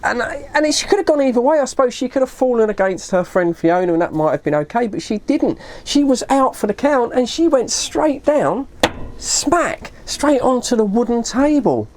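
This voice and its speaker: A woman's voice: fairly high pitch, sing-song, normal speed, a little mellow, a little hiss or hum. A woman telling a long story in a casual, rambling way, often correcting herself and saying "you know". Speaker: vlogger.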